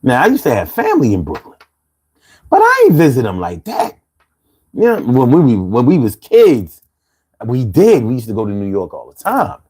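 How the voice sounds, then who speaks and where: Animated streetwise Philly man. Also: mid-range voice, moderate pace, husky. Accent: Philadelphia. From Philadelphia, USA. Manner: streetwise, laid-back, laughs often. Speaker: livestream host. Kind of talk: casual live chat reading comments.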